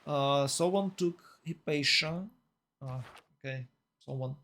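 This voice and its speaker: A man casting a strategy game tournament live, talking in a rambling, excitable way full of fillers and restarts. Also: medium pitch, slow pace. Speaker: tournament caster. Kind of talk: live esports commentary.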